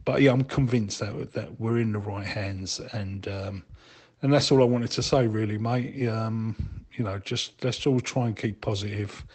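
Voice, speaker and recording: A man leaving a calm, hesitant voicemail full of fillers, urging patience. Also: on the low side, slightly rough. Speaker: caller. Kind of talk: voicemail message.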